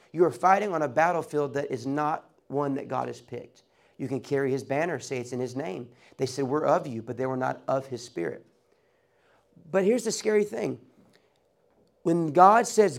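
A man's voice: on the high side, gravelly. A man preaching a sermon, talking in a conversational way with playful asides. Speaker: pastor.

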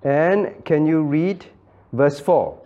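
A man's voice: on the high side, expressive, slow pace, muffled recording. A male pastor leading an interactive Bible study in a church room, emphatic and questioning, calling on listeners by name.

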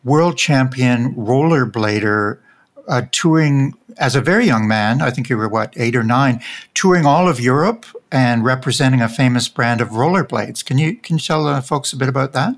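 Joking Canadian man hosting a podcast chat, mid-pitched. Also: moderate pace. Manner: teasing, joking. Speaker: podcast host. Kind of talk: casual chat.

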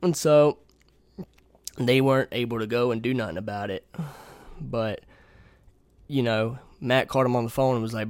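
A man's voice: medium pitch, steady tone, moderate pace, long pauses, no echo. A man in his twenties telling a long story in a blunt, profane, casual way, speaking from a home kitchen. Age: 20s. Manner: blunt, profane, reads messages aloud. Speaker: podcast host.

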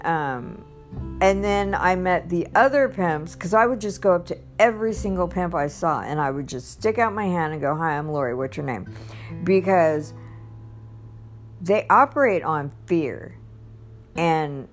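Slow, low-voiced woman telling a story. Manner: rambling, animated, laughs often, many restarts and fillers. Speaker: interviewee telling her testimony. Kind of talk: casual storytelling.

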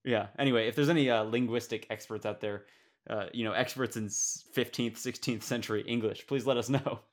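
A young man co-hosts a podcast in a loose, playful way. He laughs often between his thoughts. His voice sits at an ordinary middle pitch. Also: a little fast. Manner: playful, laughs often, animated when retelling. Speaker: podcast co-host. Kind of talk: casual chat.

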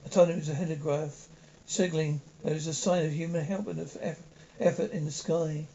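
A man narrates a novel in the first person, stumbling and restarting words as he reads. His voice sits somewhat high. The recording is dull and lo-fi, with a faint hiss. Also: steady tone, gravelly, dark tone. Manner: halting reading with frequent slips and restarts. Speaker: audiobook narrator.

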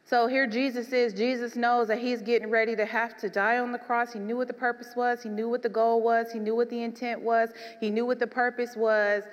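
Woman preacher, higher register, soft-to-emphatic sermon delivery, reverberant hall. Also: fairly quick, hardly any pauses. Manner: animated, swings from soft to emphatic.

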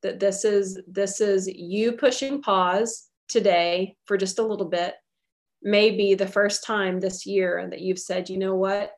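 Woman speaker, faith teaching, fry-tinged, earnest and encouraging. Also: medium pitch, fairly even intonation, takes it slowly. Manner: earnest, encouraging, repeats key phrases. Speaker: guest speaker on soul care.

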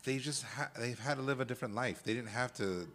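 A man's voice: mid-range voice, fast talker, fairly bright tone, slight background noise. A man with a Californian accent, co-hosting a podcast in casual, rambling chat full of fillers and restarts. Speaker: podcast co-host.

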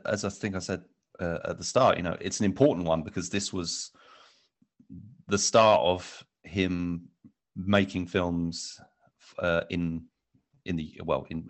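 English guy on a movie podcast, deep voice, lots of uh and you know. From England. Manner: hesitant, many restarts and fillers. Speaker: podcast co-host. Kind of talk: casual chat.

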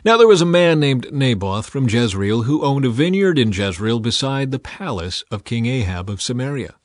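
A man reading scripture aloud in a measured, scripted way, lifting his voice a little for quoted speech. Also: sing-song, no echo, studio quality. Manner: measured, quotes read a little higher and louder. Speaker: Bible reader.

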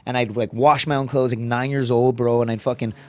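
A man, a comedian and former Marine, telling a rough story on a podcast in blunt, profane language. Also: medium pitch. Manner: profane, rapid, animated storytelling.

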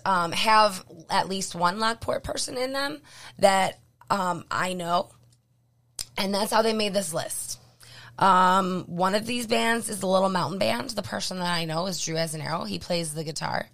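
Hoarse woman radio co-host, gravelly. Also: medium pitch, unhurried, fairly bright tone. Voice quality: gravelly, throat-clearing. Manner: blunt, joking, lots of ums. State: losing her voice, hoarse. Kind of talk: casual radio chat.

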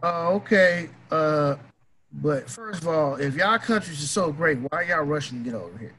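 A man's voice: on the high side, animated, moderate pace, sharp tone, low-quality recording. A man ranting in a casual opinion talk, emphatic, heated and profane.

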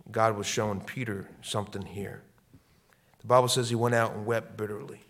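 A middle-aged man preaching a sermon as pastor, repeating his lines and swinging between loud, fervent peaks and hushed, quiet passages. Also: fairly low pitch, steady tone, moderate pace.

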